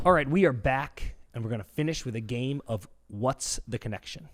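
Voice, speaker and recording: A man's voice: medium pitch, brisk, few pauses, a bit bright. A man co-hosting a hockey podcast, chatting casually and enthusiastically with slang, and reading sponsor ads. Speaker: podcast co-host. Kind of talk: casual podcast chat and host-read ad.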